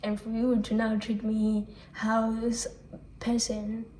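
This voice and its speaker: A young woman talking through a personal confessional vlog, reflective and halting, often restarting her sentences and letting out soft sighs. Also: on the high side, completely flat delivery, a little hiss or hum. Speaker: vlogger. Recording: echoey room.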